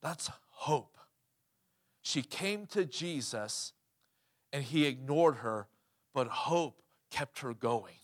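A man's voice: mid-range voice, animated, slow pace, pauses often. A male pastor preaching a sermon, emphatic, asking the congregation questions and calling for amens. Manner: emphatic, asks the crowd questions, calls "Amen?".

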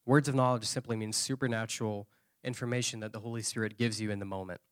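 A man preaching at a conference, telling a story with lively shifts of voice. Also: lowish voice, fast, no room sound, studio quality. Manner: animated storyteller, acting out quoted voices. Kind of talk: sermon storytelling.

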